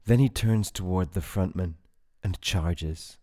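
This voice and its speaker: Low, unhurried male story narrator. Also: darkish tone. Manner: measured and unhurried. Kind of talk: audiobook fiction reading.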